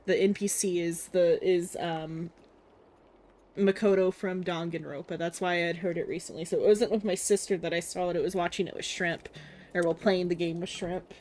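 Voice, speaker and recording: A woman's voice: fairly low pitch, steady tone, moderate pace, darkish tone. A woman streaming a video game live, rambling and laughing as she reacts. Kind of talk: casual live-stream gameplay commentary.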